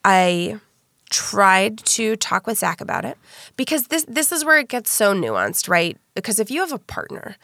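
A woman hosting a casual chat, animated and candid, swearing freely. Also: mid-range voice, moderate pace, no echo.

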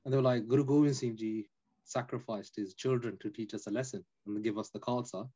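Man, podcast guest, storytelling, emphatic and chatty, mid-low voice, lo-fi dull recording. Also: a little fast, breathy edge. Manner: animated, emphatic, peppered with "innit" and "you know". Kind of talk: casual storytelling chat.

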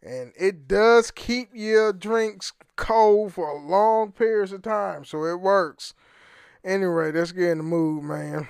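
Male podcast host, high voice, dry close sound, casual rambling chat with swearing. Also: slow pace, vocal fry, a little mellow, smooth, no room sound. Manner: loose and rambling, swears, laughs at himself.

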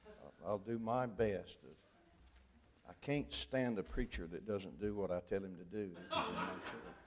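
A man's voice: low voice, normal speed, a little hiss or hum. An older man with a Southern Alabama accent, a visiting preacher telling folksy, joking stories from the pulpit on a church microphone. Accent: Southern US, Deep South Alabama. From southern United States. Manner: joking, storytelling, drawling. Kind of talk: folksy sermon introduction. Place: church sanctuary.

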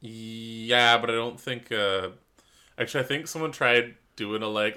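A man's voice: lowish voice, pushed and bright, smooth. A young man co-hosting a podcast, joking and laughing often in casual chat. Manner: jokey, quick, laughs often. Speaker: podcast co-host.

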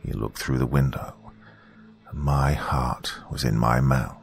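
Deep-voiced man narrating a dramatic story. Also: fairly even intonation, a little slow, gravelly. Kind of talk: scripted narration of a first-person story. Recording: faint background music.

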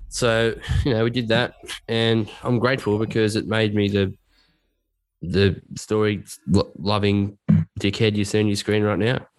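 A man's voice: lowish voice, flat delivery, a little slow, dry recording. An Australian man, a podcast guest, chatting casually in a jokey, rambling, self-deprecating way. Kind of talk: casual chat.

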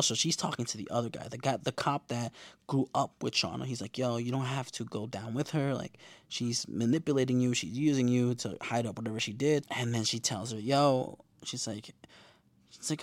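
A man casually recapping a TV episode in slangy, animated talk, acting out the characters' lines as he goes. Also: medium pitch, fairly quick, no echo. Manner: animated, slangy, acts out quotes. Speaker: show recapper.

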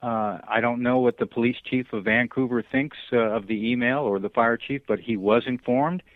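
A man being interviewed over the phone, talking earnestly and haltingly, with many fillers and restarts. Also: medium pitch, fairly even intonation, no echo. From Southern California. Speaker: guest. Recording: dry, tinny phone line.

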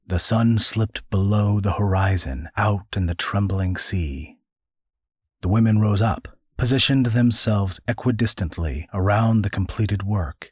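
Slow, low-voiced male narrator. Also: darkish tone, slightly rough, no room sound, studio quality. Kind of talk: scripted narration.

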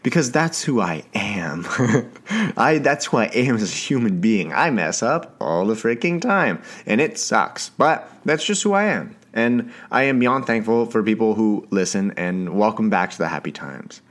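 A young man from Canada hosting a solo podcast in a casual chatty way, talking fast, stumbling over words and swearing now and then. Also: on the low side, animated, a bit bright. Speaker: podcast host.

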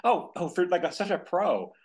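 A man hosting a casual interview, trading stories and swearing casually. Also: moderate pace. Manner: lively pitch, swears casually, frequent backchannel. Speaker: podcast host.

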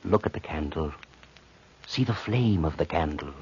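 A commanding, deep-voiced mesmerist doctor. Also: male voice, animated, a little mellow, a little hiss or hum. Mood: hypnotic. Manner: authoritative, slow and hypnotic when inducing trance. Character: commanding male physician and mesmerist, calm and insistent. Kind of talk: 1940s radio acting. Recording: dull lo-fi 1940s radio broadcast.

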